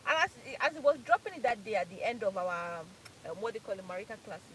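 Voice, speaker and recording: A woman's voice: medium pitch, very animated, quick pace, fairly bright tone, slight background noise, low-quality recording. A Nigerian woman in her thirties from Port Harcourt, hosting a casual live chat, laughing often and repeating phrases for emphasis. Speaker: live stream host.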